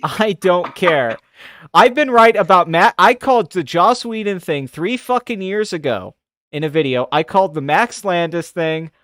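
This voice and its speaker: A man's voice: high voice, lively intonation, normal speed, fairly bright tone, dry recording. Podcast co-host, man, crude rambling ranter, clean dry recording. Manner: crude, profane, rambling rants. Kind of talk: casual podcast chat.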